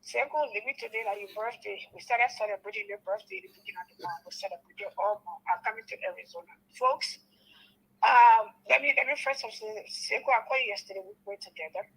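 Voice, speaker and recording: A woman calls in to a live talk show and speaks earnestly, circling back to her points as if preaching. Her voice is husky and sits a little high. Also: lively intonation, fast talker, fairly bright tone, rough recording. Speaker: caller. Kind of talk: call-in talk.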